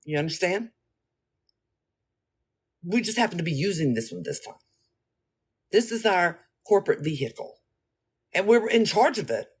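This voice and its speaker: A man talking casually, telling a story in an animated, slangy, rambling way and speaking straight to his listeners. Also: high voice, moderate pace, long pauses, breathy edge.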